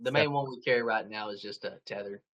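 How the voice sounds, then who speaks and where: A man's voice: lowish voice, fast, fairly bright tone, highs cut off. A man from Georgia with a Southern accent, a shop owner joking and chatting casually as a podcast guest. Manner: joking, laughs often, folksy.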